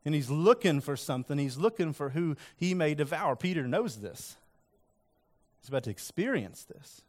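A man delivering a sermon in a relaxed, conversational way. His voice sits a little higher than most men's. He turns earnest and emphatic when he acts out quoted words. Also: normal speed. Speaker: pastor.

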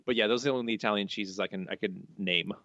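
A man co-hosting a casual podcast, relaxed and hedging in his answers. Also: on the low side, fast, no echo, highs cut off. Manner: relaxed, hedging, easy laughs. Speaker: podcast co-host.

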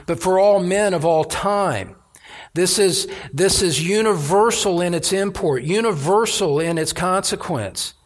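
A man preaching a sermon as pastor, emphatic, often restarting phrases, addressing a church congregation. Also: a little high.

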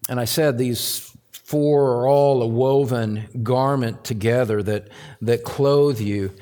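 A man preaching a sermon to his congregation, repeating phrases for emphasis and rising to loud, emphatic peaks. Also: medium pitch, fairly even intonation, slow pace. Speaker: pastor.

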